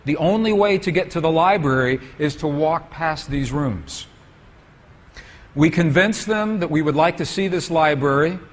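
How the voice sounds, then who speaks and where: A man's voice: on the high side, measured pace. A man giving a storytelling lecture with slides to an audience, asking them questions as he goes.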